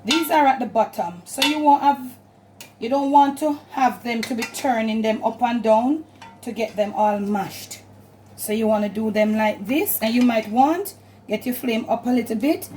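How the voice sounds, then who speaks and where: A woman's voice: fairly high pitch, darkish tone, a little hiss or hum, rough recording. A woman with a Jamaican accent, hosting a cooking channel and giving chatty, instructive steps while she cooks in her kitchen. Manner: chatty, instructive, repeats "and all of that". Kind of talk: casual cooking demonstration. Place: home kitchen.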